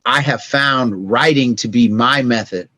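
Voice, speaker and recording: A middle-aged man, a podcast guest, telling stories in casual conversation, acting scenes out with sound effects and turning soft and reflective on emotional points. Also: medium pitch, unhurried.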